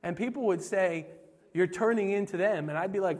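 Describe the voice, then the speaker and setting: A man's voice: high-pitched, brisk, darkish tone. A man from Pennsylvania preaching a sermon as pastor, earnest and repetitive, with chatty asides. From Pennsylvania, USA. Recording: long hall reverb.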